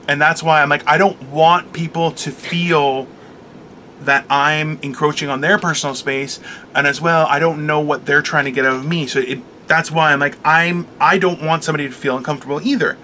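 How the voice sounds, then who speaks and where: Man, comic co-host, high bright voice, swearing rant, faint hiss behind. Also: fairly quick. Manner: profane, animated storytelling rant. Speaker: podcast co-host, stand-up comic. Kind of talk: casual chat.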